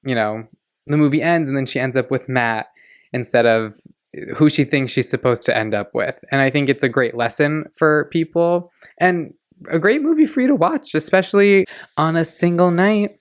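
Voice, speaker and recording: A man in his twenties hosting a podcast, chatting in a gushing, excitable way. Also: a little high, normal speed, clean tone, no room sound, studio quality. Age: 20s. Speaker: podcast host. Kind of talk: casual chat.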